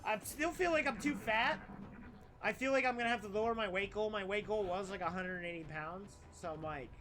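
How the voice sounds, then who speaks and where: A man's voice: high voice, brisk, a bit bright, a little hiss or hum. A young man streaming a game, chatting casually in a rambling, crude, joking way. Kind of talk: casual live-stream chat while gaming.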